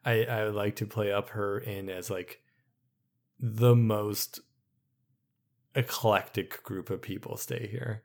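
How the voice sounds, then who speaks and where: A man co-host with a low, gravelly voice chats about tabletop lore. He talks hesitantly with many fillers, and he agrees readily with his co-host. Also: steady tone, slow pace, pauses often. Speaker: podcast co-host. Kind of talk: casual chat about tabletop game lore.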